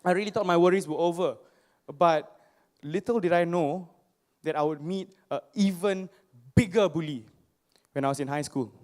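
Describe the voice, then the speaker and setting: On stage before a live audience, a young Singaporean motivational speaker talks in a high-pitched voice at a moderate pace with long pauses. He shares personal stories full of lively, playful self-mockery and frequently puts questions to the crowd.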